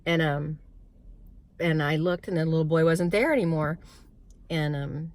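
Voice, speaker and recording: A woman's voice: sits low, a little slow, no echo. A woman telling a spooky personal story in a casual vlog, rambling with many fillers and restarts.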